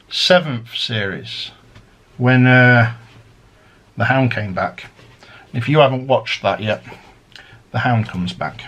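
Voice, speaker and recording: A man's voice: medium pitch, fairly bright tone, slight background noise. A man chatting casually as he unboxes a collector's set, rambling and drifting into fan theories. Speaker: unboxing vlogger.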